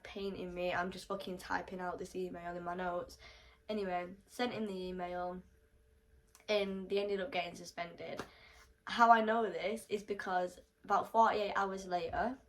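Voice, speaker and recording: Blunt swearing young British woman. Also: medium pitch. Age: young adult. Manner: swears heavily, animated and blunt; throat-clearing. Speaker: storytime vlogger. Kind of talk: casual storytelling.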